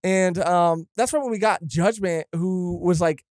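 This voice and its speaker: A young man co-hosting a podcast in casual chat, rambling and excitable, often correcting himself. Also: sits high, a little slow, dry recording, clean studio sound. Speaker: podcast co-host.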